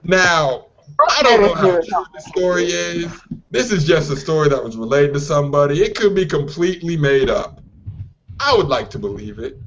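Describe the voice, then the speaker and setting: A man chatting on a podcast, upbeat and animated as he tells a story, his voice sitting a bit high for a guy. The audio comes through a dull, lo-fi online call line. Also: moderate pace. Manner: animated storyteller who acts out quoted voices. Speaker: podcast co-host. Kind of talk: casual podcast chat.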